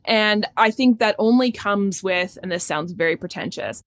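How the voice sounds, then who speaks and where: A middle-aged woman physician, a podcast guest, talking in a reflective, animated storytelling way with occasional laughs. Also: medium pitch, normal speed, hardly any pauses. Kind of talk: casual conversation.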